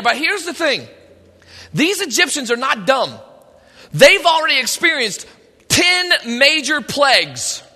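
A man's voice: extremely high pitch, sharp tone. A man preaching a sermon, retelling scripture with emphatic quoted voices, heard in a large room with a long echo. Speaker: pastor.

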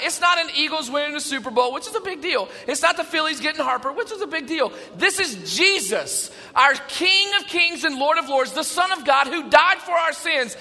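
A man preaching an Easter sermon in a church, animated, dropping to a hush and then rising to shouts. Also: very high voice, brisk, hardly any pauses, big-room sound. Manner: animated, shifts between hushed and shouting. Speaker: pastor. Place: church sanctuary.

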